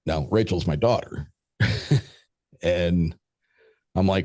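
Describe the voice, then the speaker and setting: Guy with a real low voice telling a story on a podcast, swears a lot, dry close sound. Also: slow, darkish tone, no echo. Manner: candid, swears freely, quotes people in conversation. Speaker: podcast guest. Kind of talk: casual spoken storytelling.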